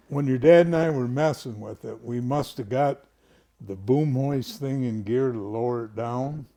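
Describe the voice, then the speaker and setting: An older man, a family friend, slowly telling a story in casual conversation, chuckling and clearing his throat. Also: medium pitch, lively intonation, dark tone.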